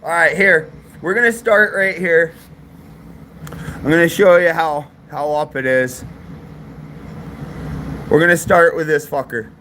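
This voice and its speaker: A man's voice: fairly high pitch, unhurried, long pauses, pushed and bright, a little hiss or hum, poor audio. A man from New England chatting casually on a livestream, rambling and swearing, fired up. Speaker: car audio livestreamer.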